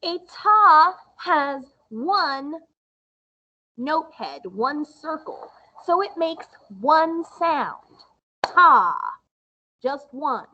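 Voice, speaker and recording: A woman music teacher giving a recorded lesson to young children, explaining slowly and patiently in a sing-song way. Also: sits high, expressive, muffled recording.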